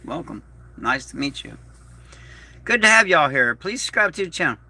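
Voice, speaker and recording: A man hosting a casual livestream in a slow, rambling, folksy way, reading out viewer messages. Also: fairly high pitch, very animated, pushed and bright, dry recording. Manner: slow, rambling, folksy, reads chat aloud. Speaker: YouTube channel host.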